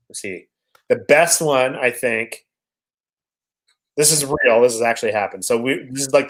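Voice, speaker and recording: A man's voice: medium pitch, poor audio. A man from Washington State chatting casually and telling rambling, profane anecdotes as a podcast guest. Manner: laid-back, swearing, rambling anecdotes. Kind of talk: casual chat, storytelling.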